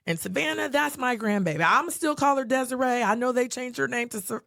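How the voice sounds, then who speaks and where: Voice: medium pitch, quick pace, creaky, no room sound, studio quality, pitched above the performer's own voice. A podcast host voicing a fiery, outspoken older grandmother woman who speaks bluntly and swears freely. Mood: fiercely proud. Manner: loud, blunt, cussing.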